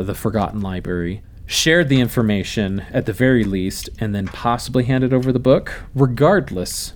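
A man running a tabletop role-playing podcast as game master, narrating in a relaxed, rambling way with many fillers. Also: lowish voice.

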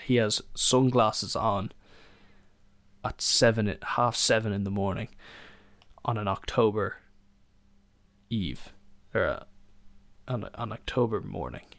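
Rambling young man, gravelly voice. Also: lowish voice, a bit bright, dry recording. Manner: rambling, with many fillers and restarts. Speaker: podcast host. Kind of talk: casual solo storytelling.

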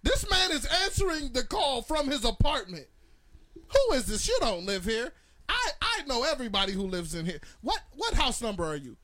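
A man's voice: high voice, big pitch swings, brisk, a bit bright, no room sound, heavily acted. A man voicing a suspicious, indignant middle-aged woman who blocks a delivery man's way. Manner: indignant, accusing.

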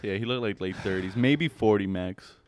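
A young man co-hosting a podcast, telling stories in slangy, animated casual talk. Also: on the low side, moderate pace, a little hiss or hum. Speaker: podcast co-host. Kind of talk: casual storytelling.

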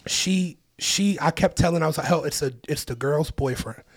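Male comedian guest, lively storyteller, casual podcast talk, laughs a lot. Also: a little high, normal speed. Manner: animated storyteller, laughs often.

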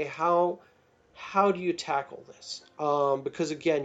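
Animated man rambling about his writing. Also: on the high side. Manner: animated, rambling with fillers and restarts. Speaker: children's book author. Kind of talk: interview answer, casual. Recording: slightly dull lo-fi audio.

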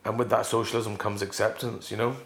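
A middle-aged Scottish man, a guest in a casual interview, telling stories with lively jumps in pitch. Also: brisk, echoey room. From Scotland. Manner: animated storyteller, leaps up in pitch for emphasis.

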